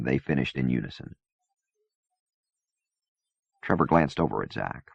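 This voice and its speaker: A man reading a novel aloud in measured, even scripted narration. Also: very deep voice, gravelly, husky, no room sound. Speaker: audiobook reader. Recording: dull dry cassette-era recording.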